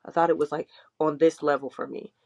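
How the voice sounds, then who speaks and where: A young adult woman co-hosting a podcast talks a little fast in a deep, darkish voice with a level tone. Her frank, rambling chat is full of "like" and open cursing. The audio comes across dull and lo-fi.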